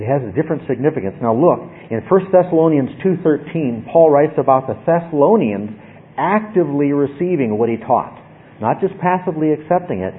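Man teaching Bible study over tinny line. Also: medium pitch. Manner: conversational, keeps checking in with "okay?".

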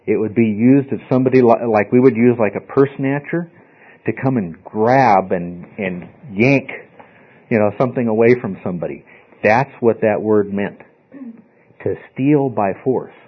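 A man's voice: fairly low pitch, normal speed, husky. A man teaching a Bible study class in an emphatic, informal way, often checking with his listeners. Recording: dull lo-fi recording.

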